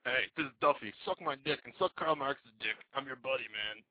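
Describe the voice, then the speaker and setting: Man, prank caller, mocking and crude, husky voice, dull phone line. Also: mid-range voice, fairly quick, no echo. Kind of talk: phone call into a radio show. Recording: muffled phone line on air.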